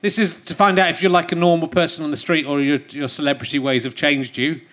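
English guy hosting a comedy podcast, bright high-ish voice, jokey and laughing a lot. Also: flat delivery, fast talker. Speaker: podcast host. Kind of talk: casual comedy chat. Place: theatre stage before an audience.

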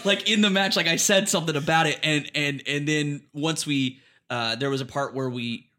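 A man who wrestles, chatting casually and telling an animated story with laughs. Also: a little high, normal speed, slight background noise. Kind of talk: casual chat.

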